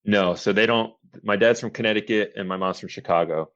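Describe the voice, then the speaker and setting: On a podcast, a Boston-area filmmaker chats casually in a lowish, slightly bright voice, a little fast and fairly even in intonation. He stays laid-back, curses offhandedly, and laughs a lot. The recording sounds muffled.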